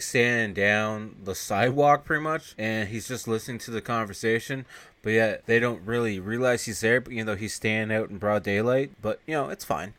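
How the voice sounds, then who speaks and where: Low-voiced man recapping a movie casually. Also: a bit bright, no room sound. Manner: retells scenes, acting out characters' lines; chuckles between sentences. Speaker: podcast host.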